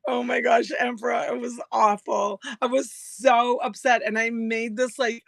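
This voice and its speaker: A woman's voice: fairly high pitch, flat delivery, normal speed, gravelly, no echo. Sixties lady doing a live sale stream, chatty, laughs a lot, greets folks by name, dry sound. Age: 60s. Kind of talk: casual live-stream chat and storytelling.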